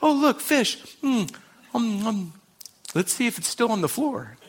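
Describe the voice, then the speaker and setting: A man's voice: sits high, unhurried, voice pushed up. A preacher playfully acting out a cheerful, hungry man looking for food. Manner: playful, animated, comic. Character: jovial hungry risen man joking about food.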